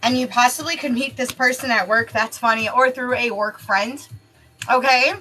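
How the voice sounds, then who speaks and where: Excitable woman reading daily horoscopes. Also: fairly high pitch, moderate pace, faint music behind, poor audio. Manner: excitable, exclaiming, chatty. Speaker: tarot reader giving daily horoscopes. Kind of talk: casual spoken horoscope reading.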